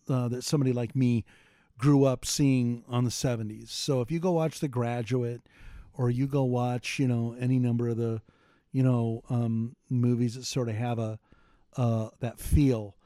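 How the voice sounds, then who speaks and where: A man's voice: mid-range voice, mellow, no room sound, clean studio sound. A middle-aged man, a podcast co-host, talking through a film casually with lots of ums and restarts. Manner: rambling, many fillers and restarts.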